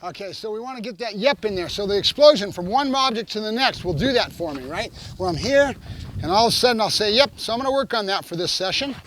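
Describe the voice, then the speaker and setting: A man's voice: high voice, lively intonation, fast, noisy background. A man who trains dogs, explaining each step to the camera while working a puppy. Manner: coaching, talks to camera between cues to the dog. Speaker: dog trainer.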